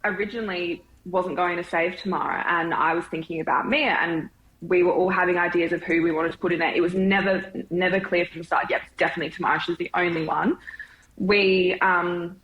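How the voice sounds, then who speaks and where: A woman guest in a casual interview, chatty and relaxed, laughing easily. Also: lowish voice, fairly quick, highs cut off, a little hiss or hum. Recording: echoey remote room.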